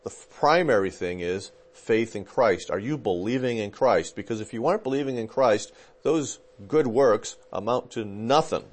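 A fairly low-voiced man preaching in a loose, conversational way. He leans on fillers as he thinks aloud and keeps checking in with his listeners with a quick "okay?". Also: animated. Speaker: pastor teaching a class. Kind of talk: conversational teaching.

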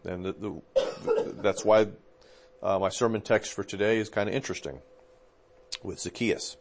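A fairly low-voiced man preaching in a loose, conversational way. He leans on fillers as he thinks aloud and keeps checking in with his listeners with a quick "okay?". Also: steady tone, a little hiss or hum. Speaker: pastor teaching a class. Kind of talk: conversational teaching.

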